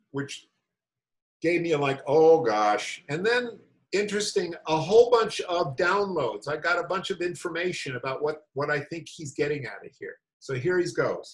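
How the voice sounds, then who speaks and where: Animated, incredulous male meditation teacher. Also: fairly high pitch, normal speed, low-quality recording. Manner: animated, incredulous, rambling asides. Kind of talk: reading and commentary on a spiritual talk.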